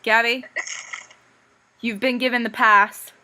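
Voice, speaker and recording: A young woman hosting a casual fan podcast over a video call, brisk and teasing, with crude jokes. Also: a little high, flat delivery, sharp tone. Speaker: podcast host. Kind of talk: casual chat. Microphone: computer mic on a video call.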